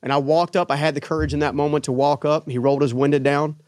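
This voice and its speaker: A man telling his own story in an interview, animated, acting out the voices of the people in it. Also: a little high, fast, dry recording, clean studio sound. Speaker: business owner guest.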